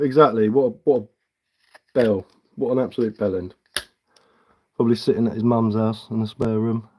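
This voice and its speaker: Bloke in his thirties, live streamer, roasts his chat bluntly and sarcastically, mid-pitched voice. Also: warm tone. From England. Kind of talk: live stream reading chat while carving.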